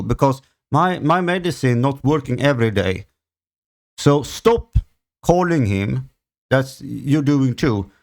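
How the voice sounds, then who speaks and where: A man with a Swedish accent, frustrated and swearing a lot, ranting on his own podcast in a halting way full of fillers. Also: medium pitch. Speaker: channel host. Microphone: home recording setup.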